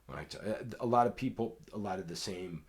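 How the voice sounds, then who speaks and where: Deep-voiced man telling rambling profane stories. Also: expressive, a little fast. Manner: profane, rambling, acts out quotes loudly. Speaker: podcast host telling stories. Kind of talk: casual storytelling.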